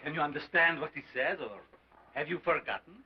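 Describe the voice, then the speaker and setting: An actor playing a sinister carnival scientist with a strange foreign accent, declaiming grandly in a 1930s film. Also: male voice, fairly high pitch, fairly quick, noisy background, close to an everyday voice. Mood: grandiose. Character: sinister showman scientist, older man, theatrical. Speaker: carnival lecturer. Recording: dull lo-fi 1930s film sound.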